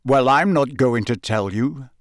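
A man voicing a gruff, grizzled old wizard, blunt and suspicious, with a growling delivery. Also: mid-range voice, measured pace, no room sound, studio quality, lightly acted.

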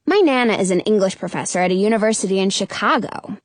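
A woman narrating a first-person children's story aloud, expressive and quick to burst into excited exclamations. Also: medium pitch, no room sound. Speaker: audiobook narrator.

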